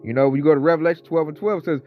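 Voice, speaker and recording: A man delivering a casual ranting monologue, talking with animated, mocking energy and mimicking coworkers. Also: fairly high pitch, rapid-fire. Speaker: online commentator. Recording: slightly dull audio, faint background music.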